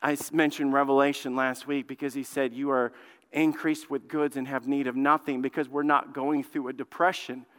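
A male lead pastor preaching a sermon, fervent, dropping to a hushed plea and then rising loud, and often repeating words as he builds a point. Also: mid-range voice, level tone, moderate pace. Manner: fervent, swings from hushed pleading to loud outbursts. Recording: long hall reverb.

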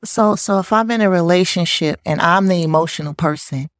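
A woman co-hosting a relationship talk show, chatting casually about communication, laughing often and acting out lively quotes. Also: fairly low pitch, brisk, dry recording, studio quality. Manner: lively, laughs often, animated quoting of others. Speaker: podcast co-host.

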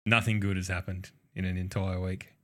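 A man's voice: low-pitched, little pitch movement, fairly quick, pushed and bright. A man co-hosting a podcast in casual chat, laughing often and swearing freely. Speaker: podcast co-host.

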